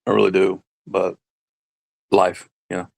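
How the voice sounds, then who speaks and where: A man co-hosting a casual live-stream chat, rambling and halting with many fillers and restarts. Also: low-pitched, completely flat delivery, creaky. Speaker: stream co-host.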